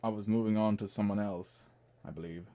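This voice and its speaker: A man running an online tabletop game as game master, halting and full of fillers, joking at his own expense. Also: lowish voice, fairly even intonation, mellow, muffled recording.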